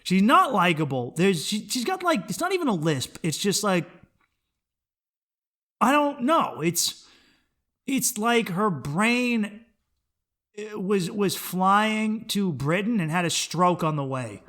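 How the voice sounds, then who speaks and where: Profane, high-voiced ranting man. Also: very animated, slow, a bit bright. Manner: profane, blunt, opinionated. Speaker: podcast host. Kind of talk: solo comedic rant.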